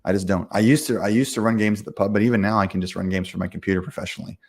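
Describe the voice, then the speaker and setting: Speaking with a fairly low pitch and fairly even intonation, a man hosts a casual livestream and tackles viewer questions about running games. He owns a game company and is blunt and self-assured, rambling fast with lots of fillers and restarts.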